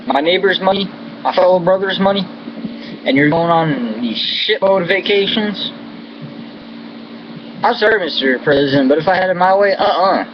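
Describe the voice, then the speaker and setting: Man, American, angry profane rant, contemptuous, unhurried, slightly high voice, lo-fi recording, air-conditioning hum. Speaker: vlogger. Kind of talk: angry political rant to camera.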